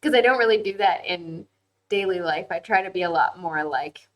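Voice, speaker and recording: Chatty woman with a lowish voice. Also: moderate pace, rough recording. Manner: chatty, frequent "like" fillers, laughs easily. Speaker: livestream host reading viewer comments. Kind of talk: casual livestream chat.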